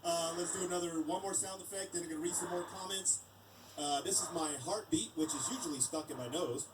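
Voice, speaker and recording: A man's voice: high voice, quick pace, distant mic, noisy background. A man beatboxer chatting casually on a live stream, with jokey offhand asides between vocal sound effects.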